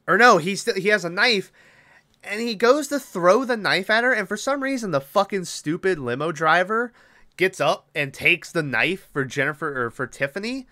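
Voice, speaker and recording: Bright, crisp-voiced man recapping a movie. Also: high-pitched, moderate pace, no echo, studio quality. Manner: animated, swears freely, rambling with fillers. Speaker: podcast host.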